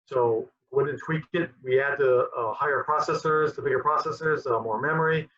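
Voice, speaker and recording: A man's voice: medium pitch, moderate pace, sharp tone. A man being interviewed as a guest who rambles and often repeats his words. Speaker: guest, QA director. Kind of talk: conversational interview. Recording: dull lo-fi sound.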